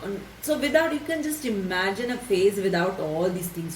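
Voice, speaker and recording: A woman's voice: mid-range voice, lively intonation, moderate pace. A woman, teaching a story by reading it aloud and explaining it line by line, repeating herself and checking understanding with questions. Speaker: English teacher. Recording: roomy echo, distant mic, faint noise.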